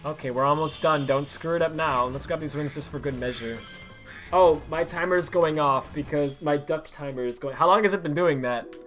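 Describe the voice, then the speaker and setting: A man streaming himself playing a game, chatting casually and yelling in frustration when play goes wrong. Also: fairly high pitch, normal speed. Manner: excitable, yells at the game when things go wrong. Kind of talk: live-streamed gameplay commentary. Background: faint game music.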